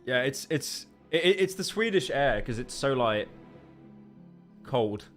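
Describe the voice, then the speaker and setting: A man's voice: mid-range voice, animated, measured pace, fairly bright tone. A man streaming live from his home setup, joking and rambling, often stammering and repeating words into a desk microphone. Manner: joking, sarcastic. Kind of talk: casual livestream chat. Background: faint game music.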